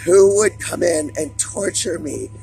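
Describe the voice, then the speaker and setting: A man vlogging an agitated, profanity-laden monologue to camera in a raspy voice. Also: fairly high pitch, unhurried, dark tone, faint music behind, poor audio.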